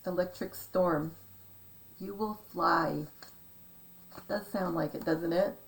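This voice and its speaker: A woman's voice: lowish voice, steady tone, slow pace, vocal fry, poor audio. A woman rambling through a casual monologue as a vlogger, meandering and hesitant, often trailing off into asides. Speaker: conspiracy decoding vlogger.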